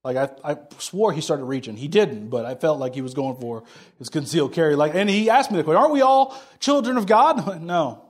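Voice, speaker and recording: Guy preaching, pretty high voice, chatty storytelling style, plays out the back-and-forth. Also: lively intonation, brisk, darkish tone. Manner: conversational preaching, tells stories and acts out dialogue. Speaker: pastor. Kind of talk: sermon.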